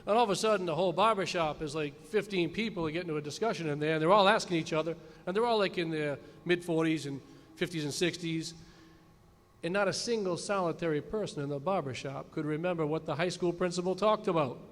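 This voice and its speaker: A man in his fifties, a high school principal, telling a folksy story in a graduation speech from a podium. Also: quick pace. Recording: long hall reverb at a ceremony.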